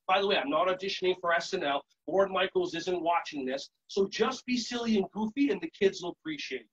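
High-voiced energetic man leading a workshop. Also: fast, few pauses, breathy edge, lo-fi sound. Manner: energetic, playful teacher with sudden shouted "aya" calls and sing-song chanting. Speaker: children's yoga and martial arts instructor. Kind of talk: live virtual workshop demonstration.

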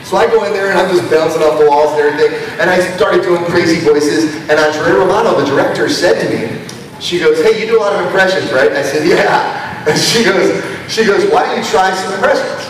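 A man, a voice actor, telling an animated anecdote in an interview and slipping into quick impressions. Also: a little high. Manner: animated storyteller, slips into impressions. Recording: echoey hall from far off, faint noise.

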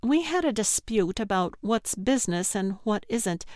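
A woman voicing an anxious young female art instructor with a hurried, pleading manner, in an audiobook. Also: medium pitch, lively intonation, a little mellow, no room sound, clean studio sound, natural voice.

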